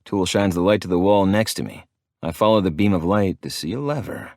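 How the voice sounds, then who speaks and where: A man narrates a first-person audiobook in a gruff, profane way. His voice is very low. The recording is dry and close, with no room echo. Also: lively intonation, a little fast, darkish tone.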